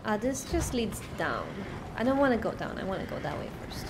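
A woman streamer talking chattily through a game, breaking into yells. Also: mid-range voice, big pitch swings, fairly quick. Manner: chatty, bursts into yelling. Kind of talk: let's play commentary. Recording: noisy background.

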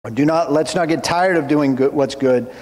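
A man preaching a sermon as pastor, speaking deliberately and quoting scripture. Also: fairly high pitch, darkish tone. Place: church sanctuary. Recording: long reverb in a church hall.

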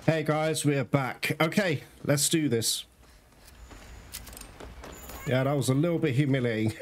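A man giving live gameplay commentary to his viewers, excitable and swearing often. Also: a little high, moderate pace, long pauses, a little hiss or hum. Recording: loud game music behind.

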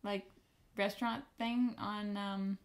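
A woman's voice: mid-range voice, steady tone, slow. A young woman co-hosting a podcast, chatting casually with lots of "like" fillers. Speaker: podcast co-host. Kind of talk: casual chat.

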